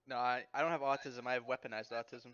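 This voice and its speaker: A young man in casual voice chat, talking fast in long profane rambles. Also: mid-range voice, fairly even intonation, dull audio, crowd noise.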